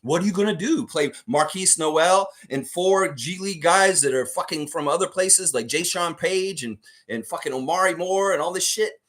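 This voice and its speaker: A man's voice: on the high side, normal speed, few pauses, a bit bright. A man hosting a livestream sports show, ranting heatedly and profanely at a coach with pointed rhetorical questions. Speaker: sports channel host. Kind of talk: livestream sports commentary rant.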